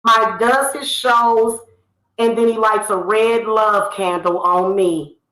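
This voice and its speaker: A woman rants straight into the camera, scolding the people she calls out by name. Her voice is bright and a bit sharp, and it rings in a reverberant room. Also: medium pitch, steady tone, slow. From United States. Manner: heated, scolding, addresses people directly. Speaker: spiritual reader and channel host. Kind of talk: ranting monologue to camera. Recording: echoey room.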